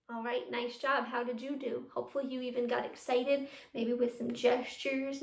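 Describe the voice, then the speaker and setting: A young woman teaching a youth theatre class from home, coaching the viewer through breathing warm-ups and practice lines. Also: fairly high pitch, vocal fry. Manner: encouraging, talks straight to the viewer, leads breathing drills. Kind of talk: virtual class to children at home. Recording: echoey room.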